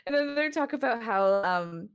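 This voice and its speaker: A woman's voice: on the high side, expressive, moderate pace, lo-fi sound, a little hiss or hum. A woman co-hosting a podcast, chatting casually about a book, sarcastic and laughing often as she mimics the characters. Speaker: podcast co-host. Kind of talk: casual book-club chat.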